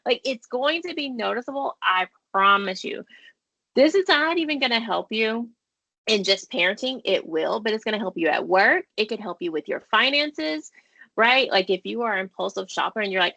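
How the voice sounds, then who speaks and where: A woman's voice: on the high side, expressive, a little fast, gravelly, pushed and bright, no room sound. A woman therapist presenting a parenting webinar over a video call, walking listeners through breathing exercises in an encouraging, conversational way. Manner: encouraging, conversational, uses y'all and playful asides. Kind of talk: guided mindfulness and webinar presentation.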